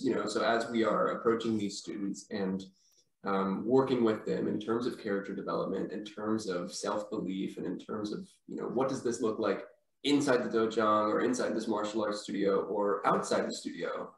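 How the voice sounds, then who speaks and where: A man hosting a podcast who asks long, thoughtful, searching questions. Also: lowish voice. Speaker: podcast host. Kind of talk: casual podcast interview. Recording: echoey room, distant from mic.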